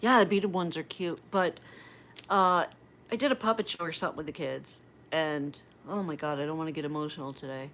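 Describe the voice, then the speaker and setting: A woman's voice: sits low, a little fast, fairly bright tone, a little hiss or hum. A woman in her fifties chatting on a livestream, rambling and emotional as she tells family stories. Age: 50s. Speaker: livestream host. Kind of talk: casual livestream chat.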